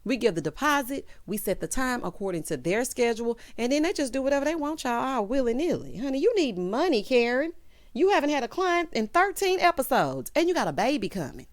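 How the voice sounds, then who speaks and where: A woman's voice: fairly high pitch, very animated, fast talker, few pauses, no echo. A woman giving a sassy, chatty TV recap, often calling her listeners "child" and "honey.". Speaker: TV show recap reviewer. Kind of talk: casual recap commentary.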